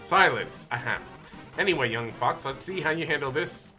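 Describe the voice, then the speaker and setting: A man's voice: on the high side, expressive, normal speed, over music, natural voice. A man voicing a smug, pompous male villain boss who taunts the hero, reading game dialogue aloud. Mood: haughty. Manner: mocking, pompous.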